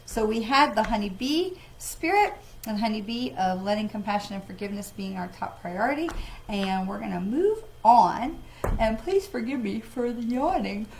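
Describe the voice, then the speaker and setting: A woman's voice: fairly high pitch, lively intonation, moderate pace, a little hiss or hum, rough recording. A woman, a psychic medium, hosting a live card reading in a chatty way, with sighs and filler words. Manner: conversational, with frequent fillers and sighs; greets viewers by name.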